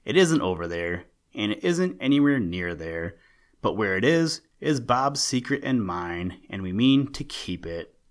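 A sly, cheerful mother bird from a storybook who keeps her secret with a knowing tease, as a man voices her. She talks slowly and lets each line linger. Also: on the low side, very animated. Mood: teasing. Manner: teasing, slow and knowing.

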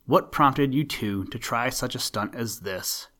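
Guy reading a stern calm scientist dad from a storybook, grave and steady, mid pitch. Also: a little slow. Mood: firm. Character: stern calm adult male scientist father.

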